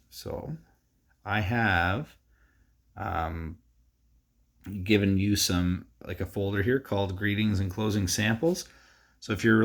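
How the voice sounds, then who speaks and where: A male teacher giving a recorded lesson to young students. He talks in a relaxed, chatty way with many fillers and reads a sample aloud with exaggerated expression. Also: lowish voice.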